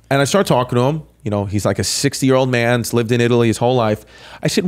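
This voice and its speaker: A man's voice: medium pitch, fast talker. A middle-aged man hosting a podcast, chatting loosely and telling stories with lots of fillers. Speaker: podcast host. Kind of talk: casual chat.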